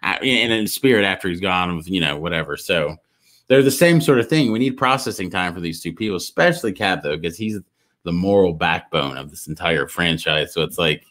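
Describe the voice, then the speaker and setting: A man co-hosting a casual podcast, retelling stories in a rambling, animated way with lots of restarts. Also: sits low, fairly quick. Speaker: podcast co-host. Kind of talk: casual chat.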